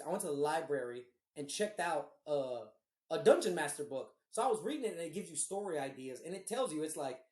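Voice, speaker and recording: Animated, swearing woman in an echoey room. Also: low-pitched, quick pace. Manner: animated, swears freely, acts out quoted dialogue. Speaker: podcast co-host. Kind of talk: casual storytelling chat.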